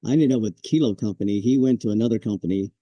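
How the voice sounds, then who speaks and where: A man in his forties with a very dark, mellow voice tells war stories in a relaxed, chuckling way. He slips into the barking voices of old drill instructors as he goes. The sound is dry and close, with no room around it. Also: lowish voice, quick pace, no echo, dull audio. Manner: laid-back, chuckles, acts out quoted drill instructors. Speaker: podcast guest, Marine veteran. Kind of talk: casual storytelling interview.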